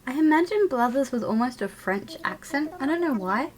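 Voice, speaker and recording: A woman's voice: sits high, lively intonation, fairly quick, slight background noise. A woman casually chatting and laughing while live-streaming a video game and talking to her chat.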